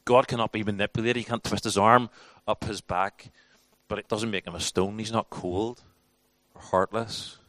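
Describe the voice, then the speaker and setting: A man's voice: on the low side, fairly even intonation, moderate pace, a bit bright, no room sound. A man teaching a church class in a conversational, informal sermon style, with frequent restarts and acted-out quotes.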